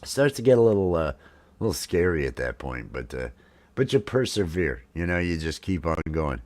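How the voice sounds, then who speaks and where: A man in his fifties drinks coffee at home while hosting a casual live stream, rambling with many fillers and restarts. His voice sits low and is a little mellow, with big pitch swings and a slightly fast pace.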